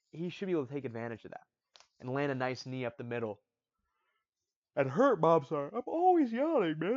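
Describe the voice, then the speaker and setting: A man hosting a fight-predictions channel, talking casually, repeating his picks and stumbling over restarts. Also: medium pitch. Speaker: MMA predictions channel host. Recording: dull lo-fi audio.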